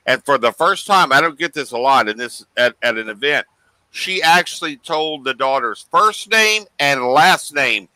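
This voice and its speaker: A man guesting on a podcast, telling animated stories in casual chat and acting out the voices he quotes. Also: medium pitch, normal speed, dry recording, rough recording. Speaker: guest paranormal investigator.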